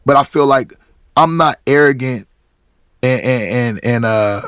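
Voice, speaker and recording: A man's voice: medium pitch, a little slow, a bit bright, smooth, dry recording, clean studio sound. A middle-aged man from Portland, a rapper talking as a podcast guest in casual chat, telling stories with many restarts and acted-out quotes. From Portland, Oregon.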